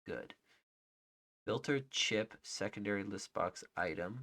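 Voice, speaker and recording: A man live-streaming his coding, reading out names as he checks them and thinking aloud, often trailing off into quiet murmurs. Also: on the low side, animated, slow. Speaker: livestreaming software developer. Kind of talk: casual live-coding commentary.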